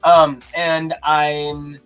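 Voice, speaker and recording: A man co-hosting a casual reaction chat, talking in animated bursts of rapid-fire questions and mock outrage. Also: fairly high pitch, clean tone, soft background music. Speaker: podcast co-host.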